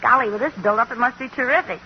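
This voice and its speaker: An actress playing a wry, teasing housewife in a 1940s radio sitcom. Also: female voice, fairly high pitch, fast talker, lightly acted. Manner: teasing and knowing. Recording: dull, hissy old radio recording.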